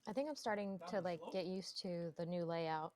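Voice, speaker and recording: A woman playing a game alongside the streamer, chatting quietly with short, low-key replies. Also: normal speed. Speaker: co-player. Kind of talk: casual chat while gaming.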